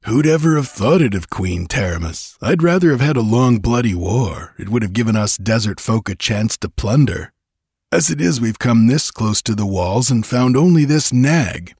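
A man voicing a ruthless male outlaw chief who speaks calmly and commandingly, in a storybook reading. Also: mid-range voice, normal speed, breathy edge, no echo, studio quality. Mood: hard, commanding. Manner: imperturbable, commanding.

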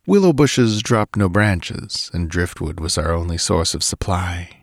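A man narrating a story in a measured, deliberate reading. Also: low voice, animated, dry recording, clean studio sound. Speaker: audiobook narrator.

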